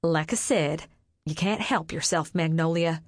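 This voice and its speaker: A woman voicing a stern, sharp-tongued mother who scolds her grown daughter. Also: low-pitched, measured pace, no echo. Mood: scolding.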